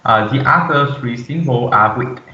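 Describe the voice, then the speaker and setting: A young man giving a class presentation, reading haltingly from slides with many fillers. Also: medium pitch, sharp tone. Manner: halting, reads aloud with frequent "uh" fillers. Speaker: student presenter. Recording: echoey room, distant dull mic.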